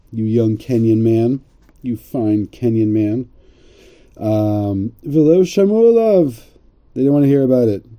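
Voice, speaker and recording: A man's voice: medium pitch, warm tone. A man teaching a religious story, reading Hebrew lines and retelling them in casual English with jokey asides. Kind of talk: translating and explaining a story aloud.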